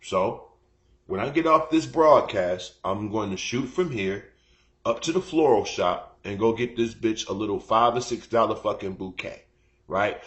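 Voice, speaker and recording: A man's voice: medium pitch, a bit bright. A man telling a story on his live stream in a heated, profane, rambling rant. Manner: rambling, repeats "you know what I'm saying".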